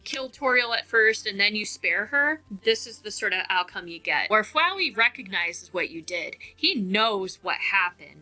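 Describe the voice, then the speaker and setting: A young woman giving a casual, animated video essay analysis and drawing out key words as she talks. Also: medium pitch, normal speed, hardly any pauses, low-quality recording.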